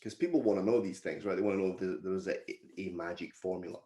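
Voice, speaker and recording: A man's voice: sits low, fast, warm tone. A man hosting a casual podcast, teasing and joking with his co-hosts. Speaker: podcast host. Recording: echoey room.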